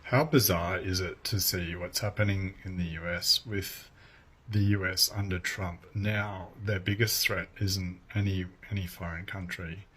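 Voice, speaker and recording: Man, deep and husky, slow measured earnest commentary. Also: fairly even intonation, a bit bright. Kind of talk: casual commentary to camera.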